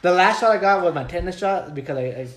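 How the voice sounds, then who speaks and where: A man in casual, profanity-heavy chat, telling animated stories about shots and needles. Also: high-pitched, fast. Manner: swears constantly, animated storytelling. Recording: echoey room.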